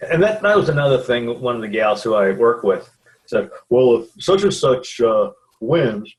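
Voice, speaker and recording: A man from the United States chats in an easygoing way, drifting from thought to thought and agreeing along the way. His voice is at an ordinary middle pitch. It is a relaxed podcast conversation. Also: moderate pace, poor audio. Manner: calm, agreeable, rambling. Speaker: podcast co-host. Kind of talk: casual political chat.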